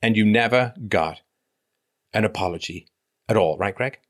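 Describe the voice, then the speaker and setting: A man with a somewhat low voice hosts a call-in advice show. He lectures the caller in an emphatic, insistent way, sometimes slipping into mocking impressions of what other people said. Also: moderate pace.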